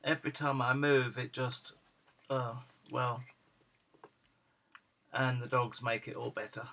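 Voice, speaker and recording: A man at home showing off his dogs, switching into high cooing baby talk whenever he speaks to them. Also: fairly even intonation, slow pace, noisy background. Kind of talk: casual home video chat.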